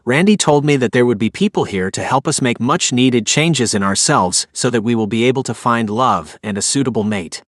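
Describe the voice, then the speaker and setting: A man's voice: mid-range voice, normal speed, few pauses, no room sound, clean studio sound, lightly acted. A man voicing a spoiled, snooty rich young heir in an audiobook, with a sneering, haughty way of talking.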